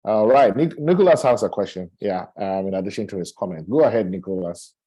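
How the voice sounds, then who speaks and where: A man's voice: on the low side, lively intonation, brisk, dark tone, breathy edge, lo-fi sound. A man moderating a meeting who briefly hands the floor to speakers and encourages them.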